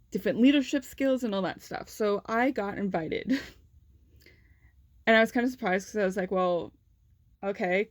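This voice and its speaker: Young woman, casual storytime vlog, middling pitch, chatty with lots of fillers, dry close sound. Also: no echo. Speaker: vlogger.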